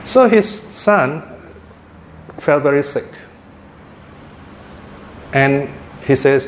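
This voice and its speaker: A man and Buddhist teacher telling a religious story in a talk, with lively chuckling asides. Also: a little high, very slow, long pauses. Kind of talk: sermon-style storytelling talk. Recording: echoey room with faint noise.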